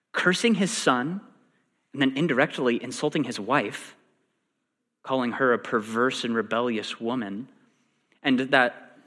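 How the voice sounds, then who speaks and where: A man preaching a sermon, animated and acting out the quoted lines. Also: mid-range voice. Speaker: pastor. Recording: long reverb in a large hall.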